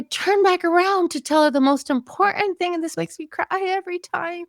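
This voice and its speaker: A woman's voice: extremely high pitch, moderate pace, hardly any pauses, no echo, clean studio sound. A woman in her fifties from Mexico, a podcast guest telling a personal story earnestly and with emotion. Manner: earnest, emotional, vividly reliving memories.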